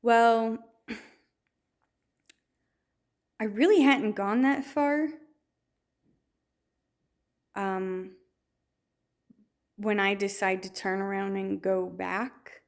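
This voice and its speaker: A woman's voice: medium pitch, fairly even intonation, very slow, long pauses. A woman telling a personal faith story in a storytelling way, with many restarts and fillers. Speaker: testimony speaker.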